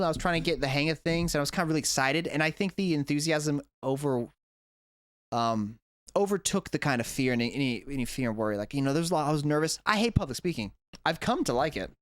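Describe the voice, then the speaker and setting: A man's voice: a little high, fairly bright tone, no echo, clean studio sound. A man, an English teacher, talking through a reaction video at home in a rambling, self-correcting way. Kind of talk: casual reaction vlog. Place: indoors at home.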